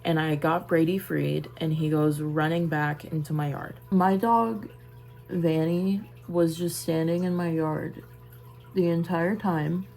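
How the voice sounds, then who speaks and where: A woman's voice: low voice, steady tone, slow pace, vocal fry, darkish tone. A young woman vlogger telling a personal story to camera in a casual, emphatic way, often repeating her phrases.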